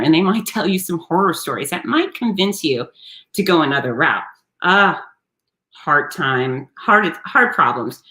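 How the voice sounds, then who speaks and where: A woman hosting a live-streamed talk show, chatting with viewers in an animated, sarcastic way. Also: on the low side. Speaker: host.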